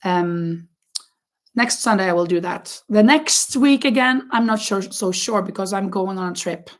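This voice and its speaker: Slow, chatty woman crochet streamer. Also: medium pitch. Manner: slow, chatty, many fillers and restarts; laughs often. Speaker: crochet livestream host. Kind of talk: casual livestream chat with viewers.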